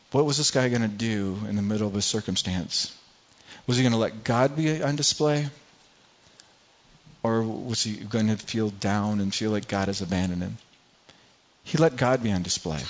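A man preaching a sermon, earnest and repetitive, often restarting words and reading scripture aloud to the congregation. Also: lowish voice. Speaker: pastor. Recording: dull lo-fi recording.

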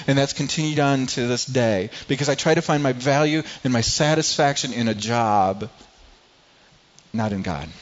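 A man preaching a sermon, telling a personal story in a halting way, often repeating words and growing quiet at painful moments. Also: medium pitch. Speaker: pastor. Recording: slightly dull lo-fi sound.

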